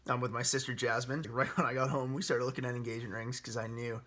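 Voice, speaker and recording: Young man in his 20s, bright forceful voice, animated casual storyteller. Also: mid-range voice, fast talker. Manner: animated, laughs often, quotes himself. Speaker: vlogger telling his proposal story.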